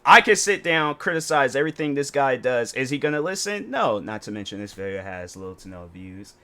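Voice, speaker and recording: Exasperated man with a bright voice. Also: mid-range voice, very animated, fairly quick. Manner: exasperated, rambling, full of restarts and slang. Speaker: YouTuber reacting to a video. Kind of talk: casual reaction commentary.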